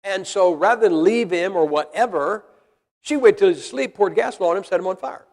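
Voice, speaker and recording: A man's voice: sits high, a little fast, darkish tone. A man preaching a sermon to a congregation in a blunt, folksy way, firing rhetorical questions at them. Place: church hall with congregation. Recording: long reverb of a large hall.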